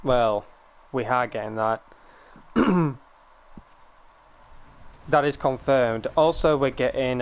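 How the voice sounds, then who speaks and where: A young man streaming a game, chatting casually and laughing often, his voice cracking and rough. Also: medium pitch, takes it slowly, long pauses, a little hiss or hum. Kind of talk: casual live-stream chat.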